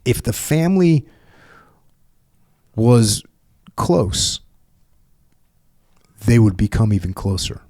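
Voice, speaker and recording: A man's voice: mid-range voice, sing-song, takes it slowly, long pauses, dark tone. A middle-aged man hosting a podcast, telling stories casually and acting out quoted voices with emphasis. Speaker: podcast host. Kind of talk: casual conversational storytelling.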